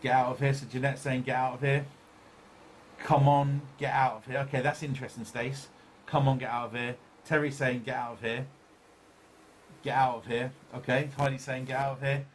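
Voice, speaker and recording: A man's voice: mid-range voice, little pitch movement. Man, show host, casual chat, repetitive, laughs easily, reads viewer comments, faint room noise. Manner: chatty, repeats phrases, quick to laugh.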